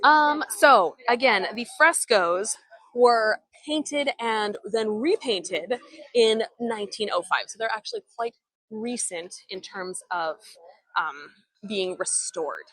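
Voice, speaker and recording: A woman's voice: fairly high pitch, fairly bright tone, no echo, rough recording. A young woman giving a live walking tour outdoors, speaking in an enthusiastic, chatty way into a handheld phone. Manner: chatty, enthusiastic, reads viewer comments. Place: outdoors in an old town street.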